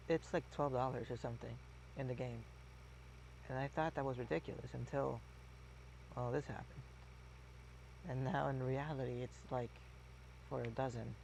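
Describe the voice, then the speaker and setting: A man's voice: mid-range voice, creaky, a little mellow, a little hiss or hum. A man streaming a game, chatting casually in a rambling, musing, self-mocking way. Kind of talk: casual gameplay chat.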